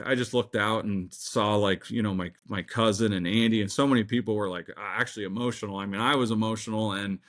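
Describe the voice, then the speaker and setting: A young man telling a long story in a casual interview, rambling and excitable, full of fillers and restarts. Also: on the low side. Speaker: tournament fishing pro, guest.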